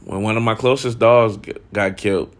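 A man's voice: on the low side, steady tone, normal speed. A young man hosting his own talk show, reflecting in a candid, rambling way, swearing freely and filling with "like" and "dog". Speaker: podcast host. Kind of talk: casual reflective monologue.

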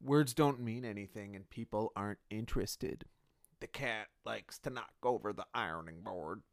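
A man reading his old journal entries aloud in a rambling, deadpan way, adding absurd asides. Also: on the low side, normal speed, dry recording, studio quality. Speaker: comedian and podcast host.

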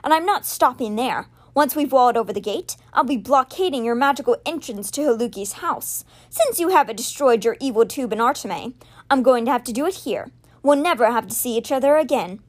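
A woman voicing a cold, sneering young male high priest who talks down to his brother. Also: expressive, brisk. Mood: scornful. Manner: sneering and cool.

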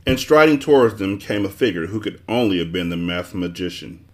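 Guy with a lowish voice reading a kids novel out loud, calm steady read. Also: brisk. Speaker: book club reader. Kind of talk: reading a children's novel aloud.

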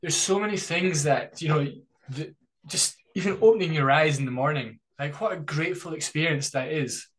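A man hosting a podcast, speaking earnestly and thoughtfully, a little halting as he talks. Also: a little high, poor audio. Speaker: podcast host. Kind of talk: candid interview conversation.

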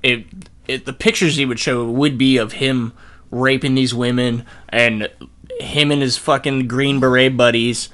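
A man's voice: medium pitch, fairly even intonation, measured pace, a bit bright. A man co-hosting a podcast in a casual, profane, rambling way, laughing often. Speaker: podcast co-host.

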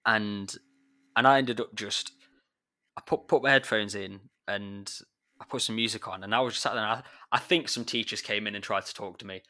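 A man, a secondary school maths teacher, talking in a relaxed chat and acting out his pupils as he tells stories. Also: on the low side, normal speed. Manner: chatty, animated when retelling pupils. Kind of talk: casual chat.

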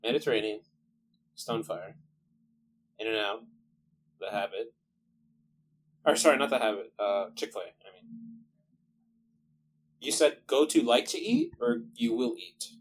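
A man's voice: on the low side, lively intonation, measured pace, pauses often, a little hiss or hum, low-quality recording. Rambling, laughing man guest. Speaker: podcast guest. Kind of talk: casual chat.

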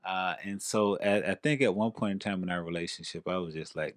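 A man with a Southern accent, co-hosting a casual podcast chat with his wife and telling stories with lively quoted voices. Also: low-pitched, brisk, hardly any pauses, no room sound, clean studio sound. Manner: animated storyteller, acts out quoted voices. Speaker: podcast co-host.

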